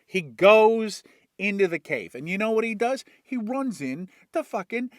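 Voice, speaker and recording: A man retelling a movie plot for laughs, profane and animated, flipping in and out of character voices. His voice sits fairly high and swings widely in pitch. The sound is dry and close. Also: a little slow, dry recording. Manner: animated, swearing, jumping into voices. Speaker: comedic storyteller.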